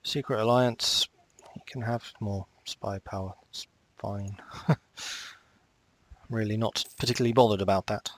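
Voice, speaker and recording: A man's voice: on the low side, steady tone, normal speed, a little mellow, no echo. A man casually commenting on his strategy game as he plays, often muttering to himself and talking back to the game. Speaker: strategy game let's player.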